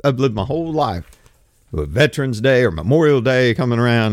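A man's voice: mid-range voice, lively intonation, brisk, dry recording, clean studio sound. A man in his fifties delivering a blunt, opinionated monologue, ranting and swearing casually. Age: 50s.

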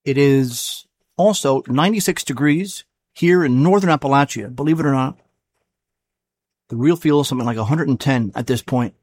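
A man's voice: medium pitch, normal speed, a little mellow, no echo. A man hosting a solo commentary show, talking casually and rambling, often stopping to correct himself. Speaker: show host.

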